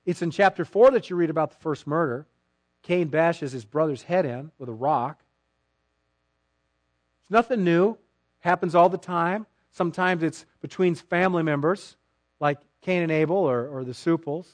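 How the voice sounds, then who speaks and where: Guy preaching a sermon, high voice, sarcastic, does little mock voices, dry close sound. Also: normal speed, dry recording. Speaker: pastor.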